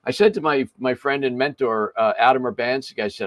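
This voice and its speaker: A man's voice: medium pitch, brisk, dry recording. Chatty older man hosting a podcast. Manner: chatty, chuckling, self-interrupting. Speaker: podcast host. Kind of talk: casual interview storytelling.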